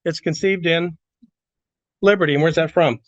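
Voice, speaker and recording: A man's voice: a little high, steady tone, moderate pace, no room sound, lo-fi sound. A man teaching a Bible lesson to a class in a church room, talking loosely and asking the group questions. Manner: conversational, asks the class questions, many restarts.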